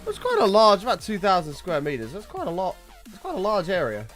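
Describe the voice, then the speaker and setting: A man's voice: high-pitched, a little fast, soft background music. A man chatting casually on a game livestream, reading chat and swearing often. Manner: animated, swears often, reads chat aloud. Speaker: streamer.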